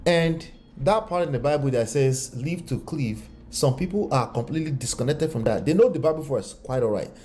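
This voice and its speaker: A man commenting on a relationship video, animated and full of rhetorical questions. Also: medium pitch, brisk, hardly any pauses. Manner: animated, rhetorical questions, slips into acted voices. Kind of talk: reaction commentary.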